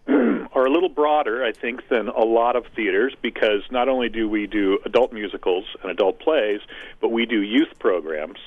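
This medium-pitched man, middle-aged and a co-founder and owner of a community theater, is being interviewed casually. His speech is earnest and methodical, full of long comparisons, and it comes through a tinny phone-like line without any room sound.

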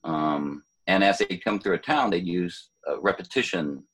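An older man talks about poetry in a deep, slightly husky voice. He is thoughtful and unhurried, often pausing and restarting his sentences. The tone is that of a relaxed conversation. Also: rough recording. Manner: thoughtful, hesitant, many fillers and restarts. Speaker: poet, former city poet laureate.

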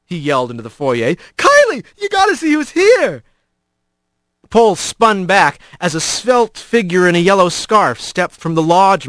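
A man reading a storybook aloud as narrator, in an expressive, animated way. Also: fairly high pitch, no room sound.

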